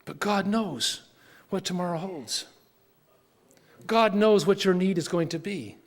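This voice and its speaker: A man's voice: high voice, unhurried, long pauses. An older man, a missionary speaker, telling an earnest mission story in church with emphatic repeats. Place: church sanctuary. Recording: long church reverb.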